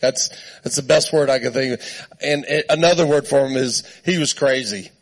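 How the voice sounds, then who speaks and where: A man preaching in church, telling a funny story with lots of laughter and animated quoted voices. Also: medium pitch, moderate pace. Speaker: guest preacher. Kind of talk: storytelling sermon.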